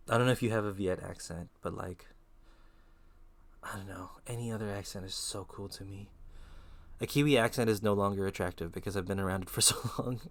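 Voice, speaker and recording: Laid-back young man streaming, low voice. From Philippines. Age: 20s. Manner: laid-back, slangy, chatty. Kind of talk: casual live-stream chat. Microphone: headset.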